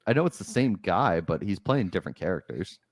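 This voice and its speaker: A man co-hosting a casual film podcast, an animated storyteller who laughs often. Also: low voice, brisk, dry recording, clean studio sound. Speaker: podcast co-host. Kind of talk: casual movie review chat.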